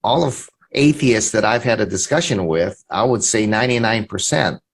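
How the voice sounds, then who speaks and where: A man hosting an interview, asking measured questions and summing up. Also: on the low side. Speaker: host.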